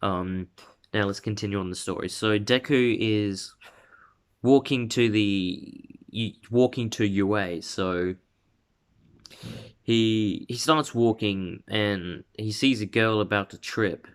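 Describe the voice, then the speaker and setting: A man narrating a homemade fan story off the cuff, rambling and restarting often. His voice sits low and he talks slowly. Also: smooth. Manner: rambling, full of restarts and fillers. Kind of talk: casual unscripted story narration.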